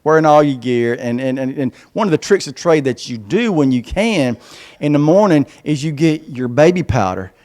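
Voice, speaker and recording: Guy w a stutter, joking around onstage, voice sits a bit high. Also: expressive, moderate pace, darkish tone. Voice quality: stutters on some words. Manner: folksy and self-deprecating. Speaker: veteran guest speaker. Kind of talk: comic storytelling speech.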